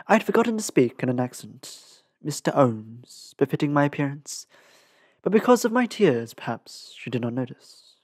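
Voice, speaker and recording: A reader narrates a storybook chapter in a measured, careful voice of middling pitch. The pacing is deliberate, with a small restart here and there. The sound is close and completely dry. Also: very animated, a little mellow, husky, no room sound. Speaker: audiobook reader.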